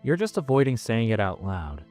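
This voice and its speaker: A man doing a soft-spoken, calm young man. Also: on the low side, faint music behind. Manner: soft but firm, unhurried. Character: quiet, calm young male transfer student.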